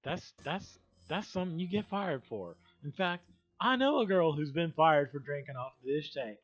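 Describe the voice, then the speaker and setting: A man's voice: a little high, expressive, moderate pace. A man hosting a livestream, telling stories in a rambling, profane, casual way with laughing asides. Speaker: livestream host. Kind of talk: casual storytelling chat.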